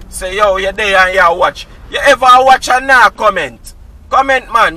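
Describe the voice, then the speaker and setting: A Jamaican man talks to his viewers from behind the wheel, looping back to the same friendly catchphrases. His voice sits high and sounds very bright. He is a little away from the mic, with faint music underneath. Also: lively intonation, a little slow, distant mic, low-quality recording. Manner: chatty, repeats catchphrases, greets viewers. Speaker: driving vlogger. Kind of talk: casual chat while driving. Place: inside a car on country roads.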